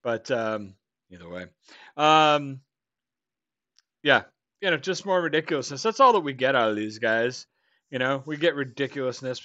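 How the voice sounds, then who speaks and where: A man's voice: medium pitch, sharp tone, no echo. A man from the United States hosting a reaction video, rambling loosely and swearing in jest. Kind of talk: casual reaction commentary. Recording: dry, slightly dull home mic sound.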